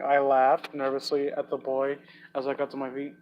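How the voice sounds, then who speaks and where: A man's voice: medium pitch, flat delivery, a little fast, dull audio. A young man reading fan fiction aloud for laughs, with sarcastic, profane asides. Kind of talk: comedic dramatic reading with commentary.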